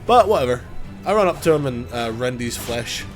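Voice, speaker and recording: A man's voice: medium pitch, expressive, fairly quick, music in the background. A man with a cold, giving casual, joking gameplay commentary, self-mocking and swearing now and then. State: has a cold. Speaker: gaming YouTuber.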